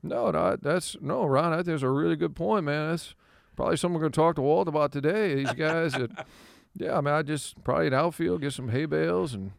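A gruff old baseball manager mutters his answers low and offhand, as a man imitates him on talk radio. The voice is smooth and clean, recorded dry with no room sound. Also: fairly quick, no room sound. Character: gruff aging male baseball manager, mumbling. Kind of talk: impression in radio storytelling.

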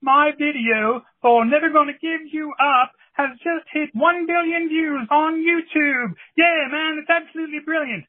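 A man on a phone call doing a gushing, high-voiced impression of a male pop star. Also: measured pace, few pauses, dry recording. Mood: chipper. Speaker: caller. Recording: tinny phone line.

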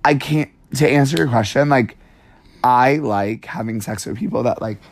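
A man's voice: medium pitch, normal speed. A man in his twenties talking casually as a podcast guest, chatty and frank, filling his talk with "like". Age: 20s. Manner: chatty, campy and frank, lots of "like".

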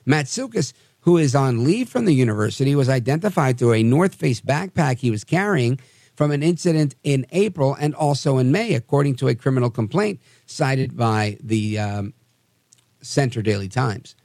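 A man hosting a podcast, telling odd news stories with wry, animated asides. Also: medium pitch, normal speed, no echo, clean studio sound. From New Jersey area. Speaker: podcast host. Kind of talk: casual news commentary.

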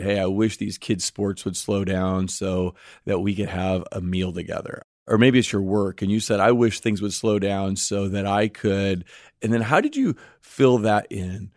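A middle-aged man speaks in a lowish voice, earnest and preacherly, firing rhetorical questions at his listeners. He co-hosts a faith podcast, and his voice is recorded close with a dry sound. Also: a little mellow, no room sound. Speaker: pastor co-host. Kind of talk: podcast sermon-style talk.

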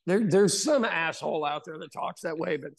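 An American man hosting a casual chat, an animated storyteller who mimics voices in his anecdotes. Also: fairly high pitch, normal speed, gravelly. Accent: General American. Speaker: podcast host.

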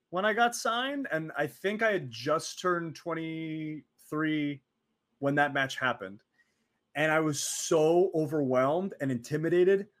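Animated young man telling stories. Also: fairly high pitch. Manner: animated, acts out quoted voices, laughs often. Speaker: interview guest, former wrestler. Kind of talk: casual storytelling.

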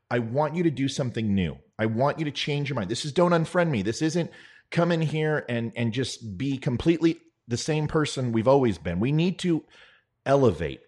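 A man's voice: medium pitch, darkish tone. A middle-aged man talking straight to the listener in an earnest, conversational political monologue. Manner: earnest, conversational, with quick impressions. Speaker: political commentator. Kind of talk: direct-address monologue.

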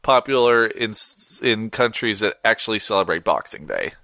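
A man's voice: normal speed, vocal fry, no room sound, clean studio sound. A man hosting a podcast in casual chat, laid-back and slangy. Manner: laid-back, slangy, swings up in pitch when excited. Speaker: podcast host.

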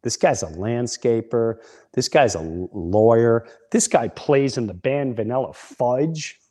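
A man's voice: mid-range voice, a little slow, warm tone. A middle-aged man, a comedian hosting a podcast, telling a story in a casual, rambling way with frequent restarts.

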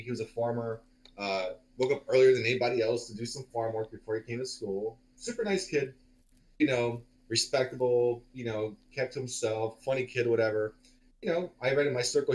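Forties male podcast co-host, casual storyteller, mid-pitched, profane and rambling. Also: rough recording. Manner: loose, profane, rambling with many fillers.

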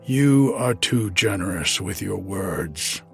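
A man's voice: low voice, lively intonation, slow pace, creaky, soft background music, heavily acted. A man voicing the stern old father of the gods, scolding in a storybook reading.

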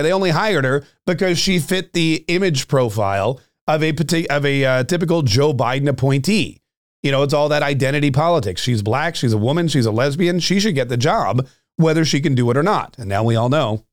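Guy ranting on his podcast, sarcastic, kinda high voice, dry close mic. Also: animated, a little fast, dry recording. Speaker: podcast host. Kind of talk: political commentary monologue.

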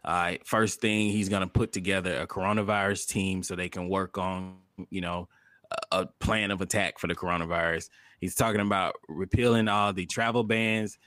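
A man co-hosting a podcast in casual chat, relaxed and conversational, with frequent profanity. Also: low voice, moderate pace, no room sound, clean studio sound. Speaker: podcast co-host.

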